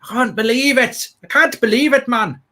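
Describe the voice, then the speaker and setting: A man's voice: very high-pitched, normal speed, sharp tone, voice pushed up, full character voice. A man putting on a fuming adult male Geordie football fan with a Geordie accent, wailing in disbelief. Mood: distraught.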